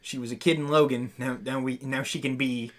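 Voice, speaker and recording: A man co-hosting a casual podcast, cracking jokes and tossing in quick remarks. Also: mid-range voice, steady tone. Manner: jokey, quick interjections. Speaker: podcast co-host. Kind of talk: casual chat.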